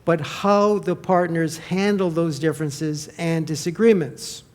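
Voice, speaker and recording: An older man co-presenting a marriage workshop at a conference, easygoing and quick to laugh. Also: a little high, a little mellow. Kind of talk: conference talk. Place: church conference hall.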